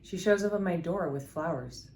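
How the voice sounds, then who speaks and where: A woman's voice: fairly low pitch, animated, moderate pace, a little mellow, slight background noise. A middle-aged woman sharing personal stories alongside scripture, earnest and candid, with many fillers and restarts. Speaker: scripture storyteller. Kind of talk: personal devotional storytelling.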